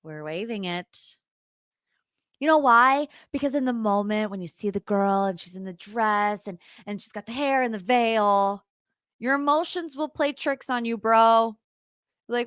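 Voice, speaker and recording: A young woman hosts a pop-culture podcast, talking in a chatty, opinionated way with plenty of sarcastic asides. Her voice sits a little high, and the recording is close and dry with no room sound. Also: lively intonation, a little slow, a bit bright, dry recording. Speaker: podcast host.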